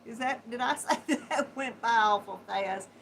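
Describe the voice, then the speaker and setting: With a Southern Georgia accent and vocal fry on a voice on the high side, a woman hosts a casual yarn chat livestream from her home computer via its built-in laptop microphone. She greets viewers warmly as hon and sweetheart, speaking slowly and chattily and laughing often. The low-quality recording carries slight background noise.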